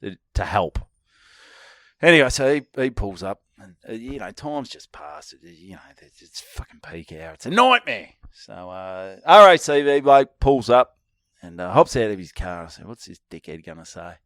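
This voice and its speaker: A man's voice: medium pitch, big pitch swings, normal speed, fairly bright tone, dry recording, clean studio sound. An Australian man co-hosting a podcast, telling a long rambling story in casual banter and swearing freely. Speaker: podcast co-host.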